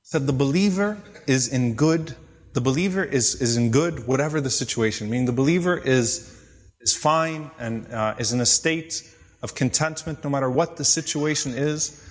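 A man's voice: medium pitch, normal speed. Man telling a sermon in a reverberant hall. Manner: retells hadith, quoting Arabic then translating. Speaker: Islamic lecturer. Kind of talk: storytelling sermon.

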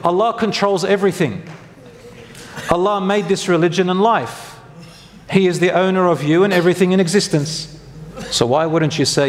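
A man's voice: high voice, normal speed. A man giving a religious lecture to a congregation in a conversational way, putting questions to the audience and correcting himself as he goes. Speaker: Islamic preacher. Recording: long hall reverb.

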